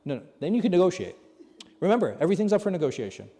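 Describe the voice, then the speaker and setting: Imam guy teaching a class, mellow voice, keeps asking the crowd questions, big echoey hall. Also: high-pitched, very animated, very fast. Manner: asks the audience rhetorical questions. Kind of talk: conversational religious lesson. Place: large mosque hall. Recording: long hall reverb.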